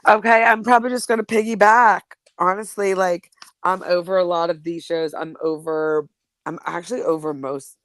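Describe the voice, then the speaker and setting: A woman's voice: on the low side, fairly even intonation, normal speed, a bit bright, no room sound. A woman on a panel chatting casually about reality TV, full of "like" fillers and laughing asides. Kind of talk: casual pop culture chat.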